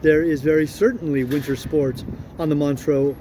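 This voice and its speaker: A man reads an eager town official who presses his point slowly and stumbles as he insists. The tone is mellow and a little high. It is a storybook reading with faint street noise behind. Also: steady tone, natural voice. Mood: insistent. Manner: insistent and slow, stumbling over words.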